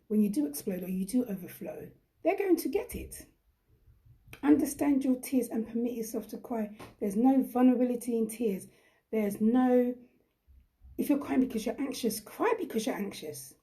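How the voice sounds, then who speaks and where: Chatty, emphatic woman with a mellow voice. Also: a little high, animated, normal speed. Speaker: host. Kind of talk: live chat with viewers.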